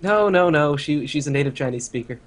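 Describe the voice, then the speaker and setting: A man with a slightly higher voice, chatting on a group podcast. He makes dry, deadpan remarks. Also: brisk, noisy background. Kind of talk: casual group podcast chat.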